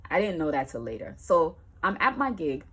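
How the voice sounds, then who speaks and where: A woman with a low, husky voice tells a personal story in easy, everyday speech. She gets animated and acts out the people in it, with a loose, conversational delivery. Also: moderate pace. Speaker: musician telling a personal story. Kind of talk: casual first-person storytelling.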